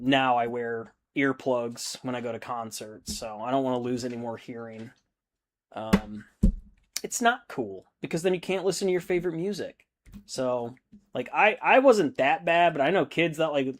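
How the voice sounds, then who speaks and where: A man's voice: medium pitch, normal speed. A man in his thirties hosting a hobby stream, chatting casually and reading out viewer comments, rambling and swearing freely. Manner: laid-back, rambling, swears a lot.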